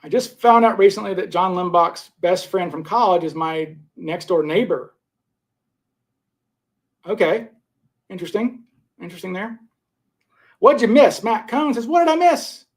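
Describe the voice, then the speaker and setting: Gravelly guy chatting on a livestream, kinda high voice, rambly, reads out comments. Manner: rambling, repeats and restarts while scoring suspects. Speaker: livestream host. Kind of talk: casual live chat reading viewer comments.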